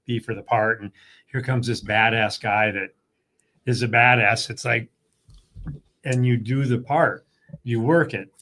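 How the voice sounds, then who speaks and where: A man's voice: mid-range voice, fairly even intonation, measured pace, long pauses, bright, forceful tone. A man hosting a casual interview, easygoing, mostly giving short agreeing replies and asking questions. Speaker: interview host.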